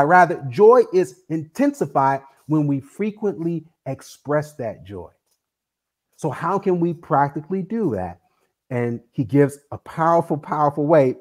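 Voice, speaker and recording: A man preaching a sermon, emphatic and animated, often speeding up and slowing down. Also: on the high side. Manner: animated, emphatic preaching with shifting pace and volume. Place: church sanctuary.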